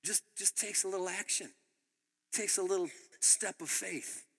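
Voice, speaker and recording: High-voiced bright pastor preaching in a hall. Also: male voice, moderate pace, slightly rough. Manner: animated, laughing storyteller. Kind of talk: sermon with storytelling.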